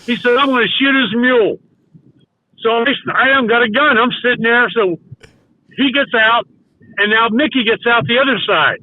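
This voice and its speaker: Older man, high voice, tinny line. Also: moderate pace, no room sound. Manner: rambling anecdotes full of restarts and acted-out quotes. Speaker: guest, former baseball coach. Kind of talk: casual storytelling. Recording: dry, tinny phone-like sound.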